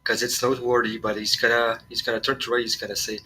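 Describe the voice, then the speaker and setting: A man at a tabletop game calmly narrating what his character does. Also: medium pitch, fast talker, a little hiss or hum, rough recording. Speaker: player. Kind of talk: tabletop role-play narration.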